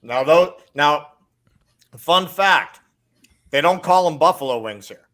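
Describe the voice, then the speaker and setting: A man's voice: on the high side, expressive, slow pace, fairly bright tone. A man from New York co-hosting a livestream, chatting casually in a blunt, profane, jokey way. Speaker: show co-host.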